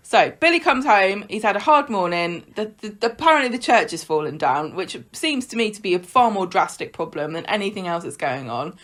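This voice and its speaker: A chatty woman co-hosting a podcast, running through a soap's week in a casual, lively way. She keeps slipping into quick impressions of the characters as she talks. Her voice sits at a mid pitch for a woman. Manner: chatty, acts out characters' lines in quick asides. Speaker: podcast co-host. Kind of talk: casual chat recapping a soap.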